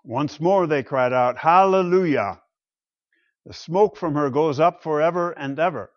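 A man preaching a sermon slowly and deliberately, reading scripture and telling history with dramatic pauses. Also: a little high, no echo, lo-fi sound. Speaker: pastor.

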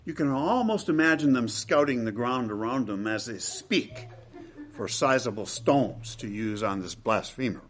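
A man preaching a sermon with dramatic, emphatic delivery, swinging between loud and hushed lines. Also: medium pitch, lively intonation, moderate pace.

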